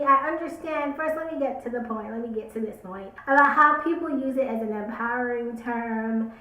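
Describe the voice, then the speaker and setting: Emphatic woman vlogging in a roomy space. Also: a little high. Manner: emphatic, opinionated, repeats herself for stress. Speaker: beauty vlogger. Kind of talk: casual talk to camera. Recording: roomy echo.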